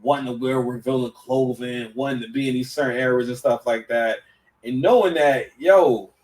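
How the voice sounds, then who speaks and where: A man's voice: mid-range voice, normal speed, recorded from a distance, poor audio. A man giving casual reaction commentary, stammering and restarting, full of slang. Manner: stammering, slang-heavy, animated.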